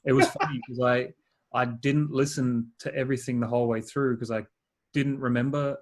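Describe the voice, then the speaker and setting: A man's voice: medium pitch, fairly even intonation, moderate pace, darkish tone. A man hosting a casual gaming podcast, laid-back and swearing freely, laughing often. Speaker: podcast host. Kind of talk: casual chat.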